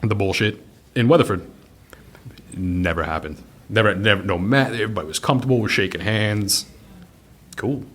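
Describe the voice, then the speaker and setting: A man's voice: lowish voice, normal speed, pauses often, fairly bright tone. A man, a pub owner, talking bluntly in a casual interview, swearing freely and laughing through his stories. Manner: blunt and profane, laughs while telling stories.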